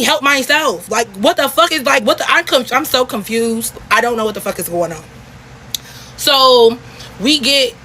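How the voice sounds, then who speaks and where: A young woman telling a story in a casual vlog, talking in a profane, animated, repetitive way. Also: a little high, a little hiss or hum, rough recording.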